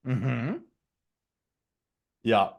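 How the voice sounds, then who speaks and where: A man's voice: medium pitch, expressive, very slow, creaky. A sleepy man co-hosting a casual comedy podcast, rambling and self-deprecating, tripping over his words. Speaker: co-host.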